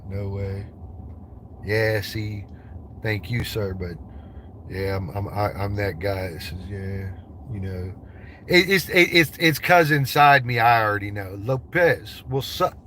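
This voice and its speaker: A man's voice: on the low side, expressive, unhurried, sharp tone, a little hiss or hum. A man from the United States in a vehicle, chatting with his livestream viewers in loose, profane, joking banter. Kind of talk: casual livestream chat.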